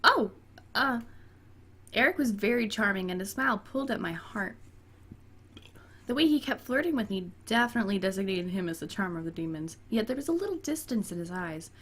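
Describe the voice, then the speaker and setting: A woman's voice: medium pitch, animated, fast, breathy edge. A woman gamer reading a dating game aloud and breaking off into chatty, giggly asides, including talking to her cat. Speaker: let's play gamer.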